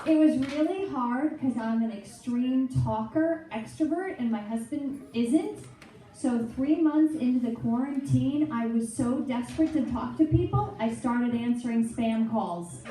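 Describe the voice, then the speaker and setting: A woman's voice: a little high, unhurried, slight background noise. A woman performing a chatty, self-mocking stand-up comedy set on a club stage. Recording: echoey club audio from far off, loud crowd. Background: audience laughter.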